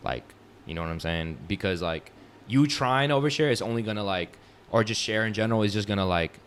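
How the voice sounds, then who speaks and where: A man's voice: fairly low pitch, fairly quick, clear, resonant tone. A man in casual chat who talks in a laid-back, reflective way and keeps adding fillers like "you know what I'm saying".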